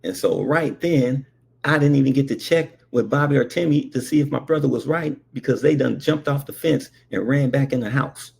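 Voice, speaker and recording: A man's voice: mid-range voice, normal speed, gravelly, a little mellow, slightly rough. A man telling a comic childhood story, with frequent asides like okay and all right. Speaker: comedian.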